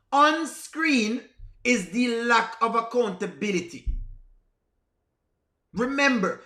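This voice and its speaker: A Jamaican man comments on comedy skits for his livestream audience with a bright, sharp tone. He begs and repeats his points, sliding between patois and plainer speech. His voice echoes around the room. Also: high-pitched. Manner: pleading and repetitive, mixing patois with plain speech. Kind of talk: casual reaction commentary.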